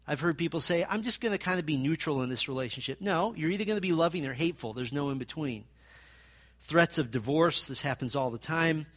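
Male pastor, slightly high voice, earnest sermon delivery with stressed scripture quotes. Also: a bit bright. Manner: earnest, emphatic, rises and slows on quoted scripture.

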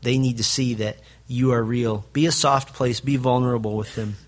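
A man preaching a sermon to fathers, telling stories in an animated way and acting out the people in them. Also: mid-range voice, normal speed. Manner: animated storytelling, acts out quoted voices. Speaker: pastor.

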